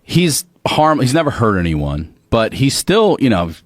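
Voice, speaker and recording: A man from Baltimore, a podcast guest telling a story in a profane, lively way. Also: mid-range voice, unhurried, dry recording, studio quality. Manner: profane, animated storytelling with restarts. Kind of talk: casual storytelling.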